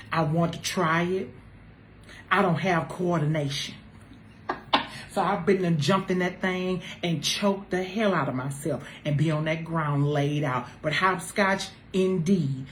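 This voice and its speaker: A woman on a talk show panel chatting casually with friends, animated and teasing, jumping between loud exclamations and low asides. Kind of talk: casual group chat. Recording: roomy echo with faint noise.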